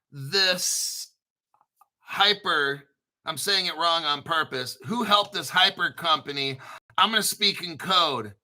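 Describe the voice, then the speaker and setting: A man's voice: a little high, bright, forceful tone. A man hosting a crypto show, talking in a hyped, conspiratorial, profane way. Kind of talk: excited crypto commentary.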